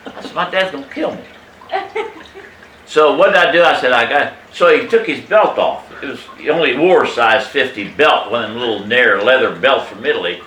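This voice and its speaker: A man in his eighties telling a family story from his childhood in a casual, animated way, emphatic and salty, chuckling as he goes. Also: medium pitch, slight background noise. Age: 80s. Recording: echoey room, mic at a distance.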